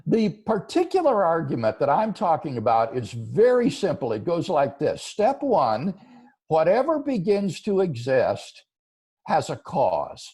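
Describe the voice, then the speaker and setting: Husky, animated male philosopher. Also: a little high, measured pace. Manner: earnest, explanatory, lively rising and falling delivery. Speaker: philosopher answering viewer questions. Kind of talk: thoughtful interview answers.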